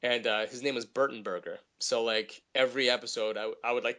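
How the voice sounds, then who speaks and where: A male voice actor, a guest on an interview show, telling stories in a casual chat with lots of high energy. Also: brisk, few pauses. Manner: high-energy, animated storytelling.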